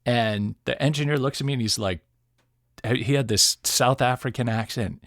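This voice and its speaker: A middle-aged man with a gravelly, creaky edge tells a story with animated energy and easy laughs. He is recorded close on a dry mic with no room sound. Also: medium pitch, moderate pace, no echo. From Detroit area, USA. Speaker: guest audio producer. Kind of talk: casual storytelling interview.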